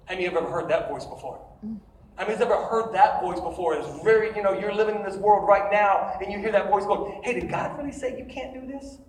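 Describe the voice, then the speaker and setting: A man's voice: high-pitched, fairly even intonation, fast talker, a little hiss or hum. Male preacher, emphatic sermon voice, quizzing the crowd; roomy, from a distance. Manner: emphatic, calls out to the crowd with questions. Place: large room with an audience.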